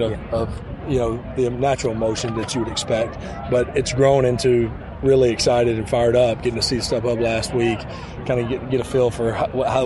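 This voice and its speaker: A male football player answers questions outdoors at training camp. His voice sits in an everyday middle range, and he talks earnestly, often leaning on familiar cliches. A crowd murmurs behind him. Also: mid-range voice. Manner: earnest, repetitive, cliche-laden. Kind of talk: outdoor press interview.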